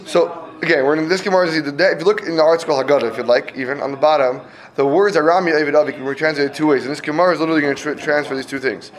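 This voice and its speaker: A man's voice: a little high, rapid-fire. A man teaching a classroom Talmud lesson, explaining step by step and checking in with students often.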